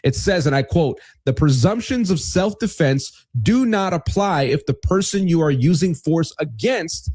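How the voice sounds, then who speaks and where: A woman's voice: lowish voice, lively intonation, warm tone, husky, no room sound. A woman in a played clip giving a formal statement and reading out a law. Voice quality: measured, reading out legal text.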